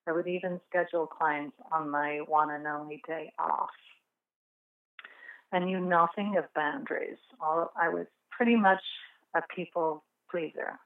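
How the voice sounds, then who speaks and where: A middle-aged woman, a podcast guest, earnestly telling a personal story. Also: low voice. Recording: tinny phone line from a distance.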